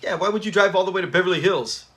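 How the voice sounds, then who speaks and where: A man's voice: high-pitched, very fast, a bit bright. A man hosting a casual livestream watch party, chatty and laughing often as he talks to his viewers. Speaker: channel host.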